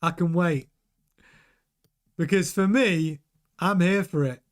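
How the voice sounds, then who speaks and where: A man's voice: sits high, slow. A middle-aged man hosting a live stream, talking casually and animatedly and often restarting his sentences while he reads the chat. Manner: chatty, animated, repeats words and restarts. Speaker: show host reading live chat.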